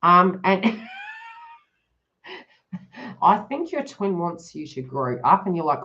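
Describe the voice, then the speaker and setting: A woman's voice: on the low side, sing-song, slow, pauses often, bright, forceful tone. A woman reading cards on a live stream, chatting to viewers by name and laughing often. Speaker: tarot reader hosting a live stream. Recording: dull lo-fi live stream audio.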